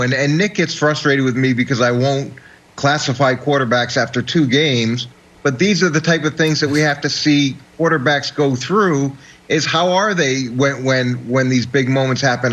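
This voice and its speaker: A man's voice: medium pitch, fairly bright tone, dull audio. A middle-aged man, a former football coach, giving analysis on a sports talk show, often restarting and repeating words as he thinks.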